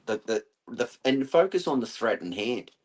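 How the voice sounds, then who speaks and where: A man's voice: mid-range voice, sing-song, normal speed. An Australian man, a veteran turned political candidate, talking bluntly and earnestly in a casual interview, calling people "mate".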